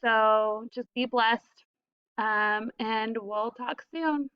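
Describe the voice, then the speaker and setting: A woman teacher records a goodbye message for her class from home during remote teaching. Her voice sits fairly high, and she speaks earnestly and directly to her students. The sound is dull and lo-fi, dry with no room echo. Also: drawn-out words, clear, resonant tone. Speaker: high school English teacher.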